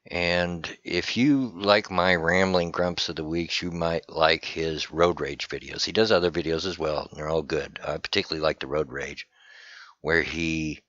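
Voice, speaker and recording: A man with an extremely low voice chats easygoing and folksy as he gives shoutouts. His tone is bright and forward despite the depth. The recording is dry and a little dull. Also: no room sound. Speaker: channel host giving shoutouts. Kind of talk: casual rambling commentary.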